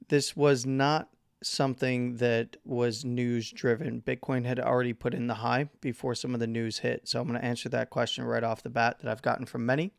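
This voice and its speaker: A man's voice: medium pitch, vocal fry, clean tone, no room sound, studio quality. A man hosting a crypto market chart talk, losing his voice, rambling with fillers and self-corrections. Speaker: crypto market analyst host. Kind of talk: casual chart analysis talk.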